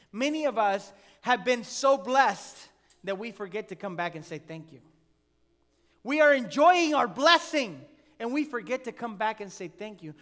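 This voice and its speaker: High-voiced preaching pastor in a reverberant hall. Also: male voice, fairly bright tone. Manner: earnest, repetitive preaching with rising emphasis. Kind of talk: sermon.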